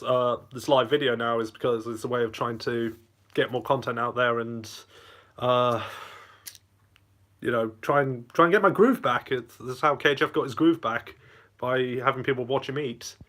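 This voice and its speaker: A channel host with a mid-range, fairly bright voice runs a casual live Q&A at a moderate pace. He reads chat messages aloud and rambles between bites of the lunch he's eating.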